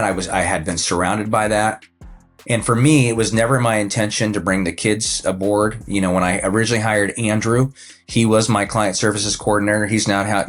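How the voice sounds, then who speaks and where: A man in his fifties, a financial advisor and coach, talks about his work as a podcast guest in a relaxed, anecdotal way, with frequent fillers and restarts. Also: lowish voice. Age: 50s. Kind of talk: casual conversational storytelling.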